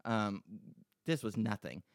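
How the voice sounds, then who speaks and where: A man's voice: on the low side, sing-song, takes it slowly, no echo, studio quality. A man hosting a podcast, rambling and joking, swearing freely as he chats and reads listener emails. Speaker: podcast host. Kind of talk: casual podcast chat.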